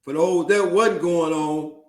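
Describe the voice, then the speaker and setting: A man's voice: on the high side, takes it slowly. A man hosting an interview, asking questions and ending his points with "right?". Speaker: host. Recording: roomy echo.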